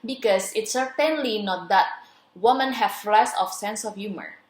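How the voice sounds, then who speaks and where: A young woman reading the part of a friendly male neuroscientist guest, explaining in plain, measured phrases. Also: mid-range voice, natural voice. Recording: roomy echo.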